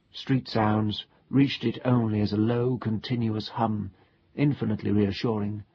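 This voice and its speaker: Male narrator reading a ghost story in a measured, deliberate way, with a raspy, gravelly voice. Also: lowish voice, highs cut off.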